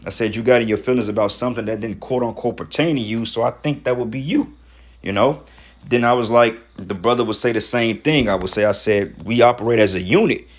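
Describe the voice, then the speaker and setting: A man's voice: mid-range voice, a little fast. Blunt, confrontational man ranting. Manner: blunt, confrontational, profane, with rhetorical questions. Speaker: member of a religious group giving commentary. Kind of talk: casual spoken rant.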